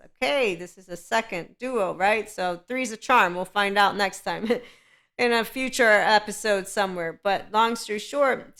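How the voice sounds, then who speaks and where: A woman hosts her own podcast, speaking alone and off the cuff. Her voice is smooth and clear, set at a middle pitch for a woman. She rambles, leans hard on her points, speaks candidly, and keeps checking in with the listener. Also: a bit bright. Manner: rambling, emphatic and candid, with frequent "okay" check-ins. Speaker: podcast host. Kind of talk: unscripted solo podcast monologue.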